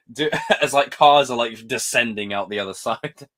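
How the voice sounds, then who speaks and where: A young man chatting on a live stream, ranting and swearing in an excitable way. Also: medium pitch. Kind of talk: casual live-stream chat.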